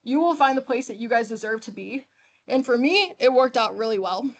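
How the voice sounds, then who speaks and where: Young woman from Chicago, guest speaker, animated storyteller, slightly high voice. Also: a little fast. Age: 20s. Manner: lively, acts out quoted dialogue. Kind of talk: storytelling talk to a class. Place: classroom.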